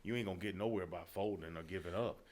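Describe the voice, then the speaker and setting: Man, podcast host, low voice, quick, emphatic, earnest. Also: a little mellow. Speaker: podcast host and business owner. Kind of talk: casual podcast chat.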